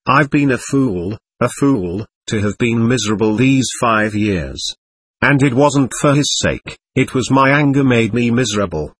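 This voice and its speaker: A husky-voiced man reading the lines of a passionate, quick-tempered young woman in an audiobook. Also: medium pitch, animated, fairly bright tone, no echo. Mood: furious. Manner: furious, cutting.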